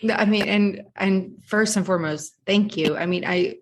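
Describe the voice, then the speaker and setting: A woman from Virginia, a podcast guest and author, speaking in a heartfelt, expressive way and often asking "right?". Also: mid-range voice, moderate pace. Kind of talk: casual interview talk.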